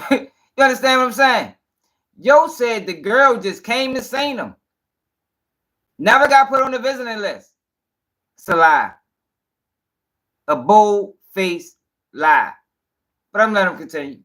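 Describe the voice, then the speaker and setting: A man's voice: high voice, lively intonation, measured pace, pauses often, sharp tone. A man giving blunt reaction commentary on a clip, dismissing what he hears as lies. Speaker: commentary host.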